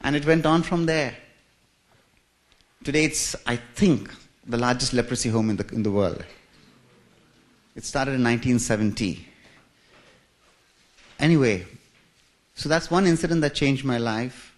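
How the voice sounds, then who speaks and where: A man's voice: mid-range voice, expressive, a little slow, pauses often. A man from India, telling his life story in a church with humour and self-mockery. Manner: humorous, self-mocking, chuckling. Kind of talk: storytelling talk.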